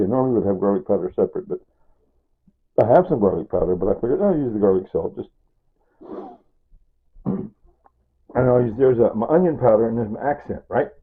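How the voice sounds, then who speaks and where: A man's voice: medium pitch, husky. A middle-aged man from Kansas chatting casually in a home cooking vlog, rambling into asides and asking "right?" and "see?" as he goes. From Kansas, USA. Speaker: vlogger. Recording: tinny phone-like sound.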